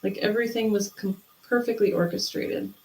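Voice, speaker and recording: Woman, interview guest, animated storytelling, roomy sound. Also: mid-range voice, moderate pace, creaky, a little hiss or hum. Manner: animated storyteller, acts out quoted voices. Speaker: interview guest, spiritual medium.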